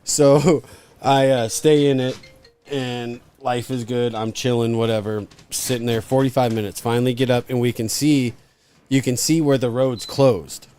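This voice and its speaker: A man co-hosting a live podcast, telling stories in a profane, animated, casual way. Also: mid-range voice, a little slow, slight background noise. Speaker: podcast co-host.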